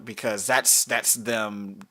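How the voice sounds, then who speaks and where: A man's voice: on the low side, steady tone, takes it slowly, pushed and bright. A man co-hosting a podcast, talking through soccer picks in a rambling way, with many fillers and restarts. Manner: rambling, self-correcting, frequent fillers. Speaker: podcast co-host. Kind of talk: casual chat about soccer picks.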